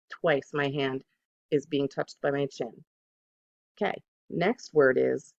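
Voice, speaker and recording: A second grade teacher giving a recorded phonics lesson to children, patient and deliberate, saying each word twice to model it. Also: medium pitch, creaky, a bit bright, muffled recording.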